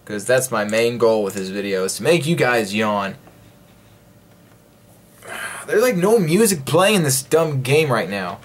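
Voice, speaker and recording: A man's voice: medium pitch, lively intonation, unhurried, long pauses. Man rambling jokily over gameplay. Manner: rambling, jokey self-talk; breaks into playful singing. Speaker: gaming video host. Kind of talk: casual let's-play commentary.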